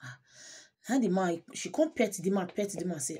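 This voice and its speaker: A woman's voice: fairly low pitch, lively intonation, normal speed, dark tone, breathy edge. A woman with a Nigerian accent telling a story on her channel in an emotive way, mixing Pidgin with English and repeating words for emphasis. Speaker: channel host. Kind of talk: casual storytelling vlog.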